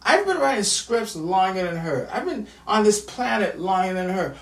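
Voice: mid-range voice, very animated, moderate pace, hardly any pauses. An upset, exhausted adult venting at home in a bitter, profane, repetitive solo rant. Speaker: aspiring screenwriter venting. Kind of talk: emotional solo rant to camera. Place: at home indoors. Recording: roomy echo, distant from mic.

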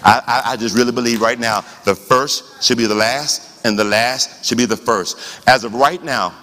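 A man preaching a sermon as pastor, talking conversationally with rhetorical questions and rising to shouts. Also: medium pitch, normal speed, big-room sound.

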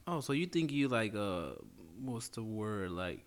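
A man's voice: on the low side, sing-song, measured pace. A man hosting an improvised comedy chat, playful and laughing, with loose slangy talk. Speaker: comedy host interviewing characters.

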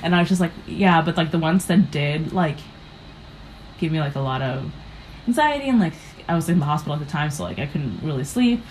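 Animated and brisk, a young adult woman from the United States speaks in a notably low, slightly mellow voice, in a rough recording with a faint hiss. As a comedian guest in a casual interview, she rambles through stories full of fillers, acting out her reactions as she goes.

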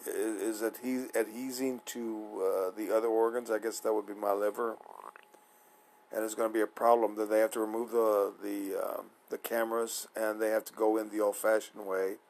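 A man's voice: on the low side, a little mellow, low-quality recording. A man hosting his own talk show, speaking in a rambling, hesitant way with many fillers, sleepy and nervous. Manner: nervous, apprehensive. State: sleepy, yawning. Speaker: podcast host. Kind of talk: casual solo monologue.

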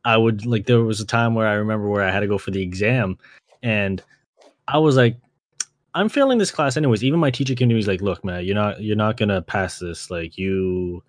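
A young man from Canada hosting a podcast, telling stories in a casual chat, swearing often and acting out quotes in a higher voice. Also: steady tone, fairly quick, dry recording. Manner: laid-back, swears a lot, acts out quotes with a jump in pitch. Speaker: podcast host.

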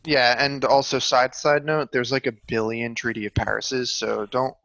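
Gravelly, bright male co-host, quick with side notes. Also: medium pitch, level tone, no echo. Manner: chiming in with side notes and quips. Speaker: podcast co-host. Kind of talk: casual history chat.

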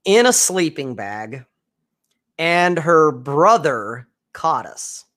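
A man's voice: on the high side, very animated, extremely slow, a bit bright. A man co-hosting a podcast, telling crude stories and teasing his co-host. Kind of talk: casual crude chat.

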